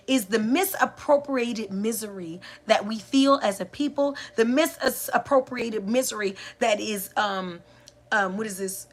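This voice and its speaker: A woman's voice: a little high, sharp tone. A woman giving a spiritual, sermon-like talk to a live audience, building her points with repeated phrases and rhetorical questions. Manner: preacher-like, repetitive cadence, rhetorical questions; addresses listeners directly. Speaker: spiritual teacher. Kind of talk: live-streamed inspirational talk.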